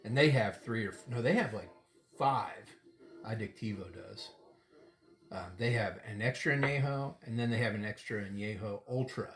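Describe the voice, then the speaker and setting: A middle-aged man with a somewhat low voice chats casually as a podcast host, rambling from one thought to the next and laughing often. His voice rings in an echoey room. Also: normal speed, fairly bright tone, soft background music. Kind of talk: casual chat over a tequila tasting.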